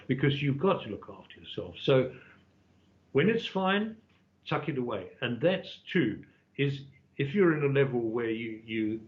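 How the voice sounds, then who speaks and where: Older man giving fatherly advice. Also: mid-range voice. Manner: fatherly, advising, halting restarts. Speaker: art dealer and agent. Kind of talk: casual interview conversation. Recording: dull lo-fi sound.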